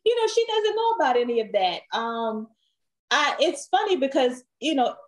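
A woman singer, a guest on a podcast, chatting casually and telling lively stories full of laughter and acted-out quotes. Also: high-pitched, moderate pace. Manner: lively storyteller, laughs often, acts out quotes.

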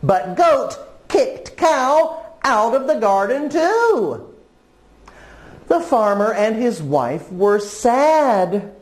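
A woman teacher leads children's story time, reading very slowly in a sing-song voice. Her pitch rises and falls widely. The recording sounds echoey, as if in a bare room. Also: sing-song, a little mellow.

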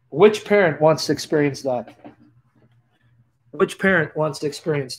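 A man preaching on a live stream, emphatic, with rhetorical questions, swinging from loud declarations to hushed tones. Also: on the high side, a little slow, pauses often.

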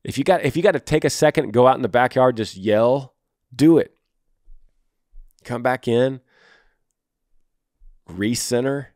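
A man's voice: medium pitch, moderate pace, long pauses, a little mellow, dry recording, clean studio sound. A middle-aged man hosting a podcast, giving casual, encouraging advice and talking to the listener like a buddy. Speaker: podcast host. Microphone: close podcast microphone.

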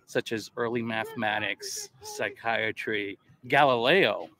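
A man defending his church in a street argument, insistent and quick to push back. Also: medium pitch, wildly swooping pitch, sharp tone, a little hiss or hum. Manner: defensive, insistent, laughs while arguing. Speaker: Catholic passerby.

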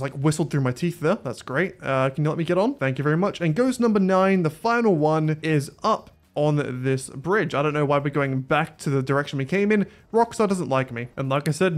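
A man giving casual gameplay commentary, sarcastic and self-mocking, swearing freely as he talks to his viewers. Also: a little high. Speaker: gaming YouTuber.

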